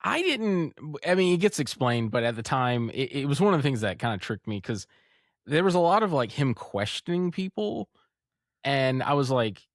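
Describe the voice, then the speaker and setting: A man's voice: medium pitch, normal speed, dry recording, studio quality. A man co-hosting a podcast, chatting casually about a comic, retelling scenes and laughing often. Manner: animated retelling, acts out quotes, laughs often. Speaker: podcast co-host. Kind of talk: casual comic review chat.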